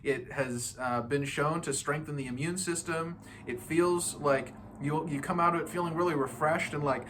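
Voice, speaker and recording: A man's voice: fairly high pitch, moderate pace, a bit bright, slight background noise. A man giving a casual, playful motivational talk on feeling good, laughing often and acting out other people's voices. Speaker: spiritual self-help speaker.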